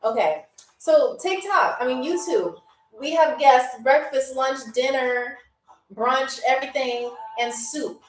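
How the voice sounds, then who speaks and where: A woman hosting a live-streamed trivia game. She is chatty and playful, and she repeats foreign words slowly for her viewers. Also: sits high, slight background noise. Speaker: game show host. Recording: echoey room, distant from mic, faint music.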